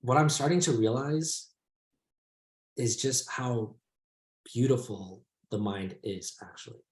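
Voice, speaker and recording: A man's voice: medium pitch, expressive, slow. A man hosts a casual podcast discussion with a mid-range voice. He muses at length and circles back over his own phrases. His voice rings in a roomy, echoey space. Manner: rambling, reflective, many restarts. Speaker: podcast host. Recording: echoey room.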